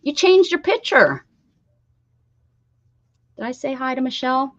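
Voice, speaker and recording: A woman's voice: high voice, animated, unhurried. A woman hosting a craft livestream, chatting casually with viewers, laughing often and greeting them by name. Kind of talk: casual chat while crafting. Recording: dull lo-fi stream audio.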